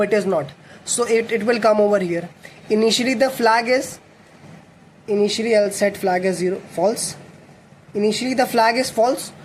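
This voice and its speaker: Young man explaining code aloud. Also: high voice. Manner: thinks aloud, self-correcting with fillers. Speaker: coding tutor. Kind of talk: explaining code while writing. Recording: faint background noise.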